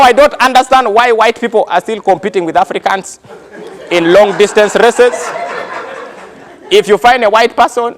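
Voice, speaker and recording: A Ugandan-accented man performing live stand-up, telling stories animatedly and acting out characters. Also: high-pitched. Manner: animated storytelling, acting out voices. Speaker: stand-up comedian. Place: theatre stage, live. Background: audience laughter.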